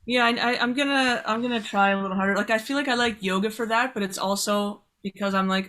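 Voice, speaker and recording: A woman's voice: medium pitch, fast talker, few pauses, a bit bright. A woman guest, a singer-songwriter, chatting casually and easily over a video call, sometimes apologetic. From Canada. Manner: chatty, apologetic, laid-back.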